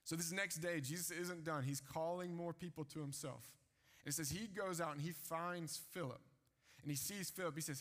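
A man's voice: a little high, steady tone, moderate pace, fairly bright tone. A man preaching a sermon, retelling scripture in casual everyday speech. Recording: long hall reverb.

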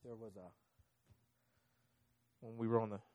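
A man preaching a sermon, telling a personal story in an animated, conversational way. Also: on the low side, a little slow. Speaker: pastor.

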